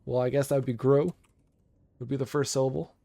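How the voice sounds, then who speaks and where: A man's voice: mid-range voice, fairly quick, gravelly. A man streaming a video game, chatting casually with his viewers as he picks options. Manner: relaxed, chatty, talks to chat while picking options. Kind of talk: casual game livestream commentary.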